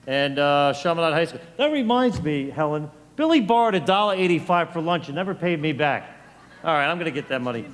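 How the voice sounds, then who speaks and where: High, animated male emcee with a Long Island accent, joking, in a reverberant hall. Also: fairly quick. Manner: joking banter. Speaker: master of ceremonies. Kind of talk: emcee introducing acts. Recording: echoey hall.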